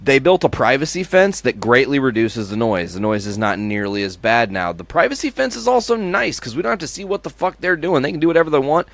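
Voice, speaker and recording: A man's voice: mid-range voice, brisk, creaky, few pauses. A man co-hosting a podcast, telling stories in casual chat, swearing freely and imitating sounds. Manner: animated storyteller, swears freely, mimics sounds. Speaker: podcast co-host.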